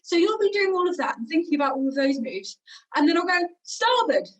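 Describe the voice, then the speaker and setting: A woman with a British accent and a high voice leads an energetic warm-up game, walking around the room as she calls out moves. She sounds slightly out of breath, and her voice is picked up from a distance from the mic. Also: quick pace, dull audio. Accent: British English. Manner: energetic, moving around while instructing. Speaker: singing workshop leader. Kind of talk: leading a warm-up game over video.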